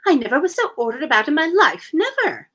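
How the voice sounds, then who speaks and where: A woman's voice: high-pitched, big pitch swings, fast, fairly bright tone, pitched above the performer's own voice. A woman voicing a proud, indignant young girl, prim in tone.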